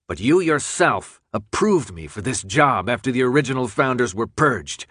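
A narrator putting on a cold scheming official who gives orders in a clipped, even tone. The voice sits a little higher and more pointed than the reader's own. The read is close and dry, with no room sound. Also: male voice, moderate pace, slightly rough, dry recording. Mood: level. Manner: clipped, commanding.

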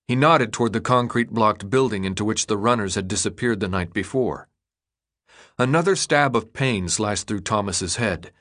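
A man narrating an audiobook in a steady, even storytelling voice. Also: fairly low pitch, moderate pace. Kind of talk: scripted narration.

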